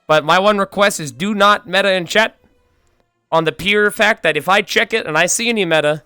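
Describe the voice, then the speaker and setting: Hyped streamer guy talking to chat, kinda high voice, dry sound with faint music behind. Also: a little fast, smooth, no echo. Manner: excitable, loose and chatty with swearing. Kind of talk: casual livestream chat.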